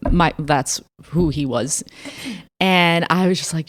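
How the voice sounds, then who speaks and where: Young female podcast co-host, slightly low voice, candid and profane, lots of "like". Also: expressive, takes it slowly. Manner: candid storytelling, frequent swearing and laughter, lots of "like". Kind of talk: casual chat.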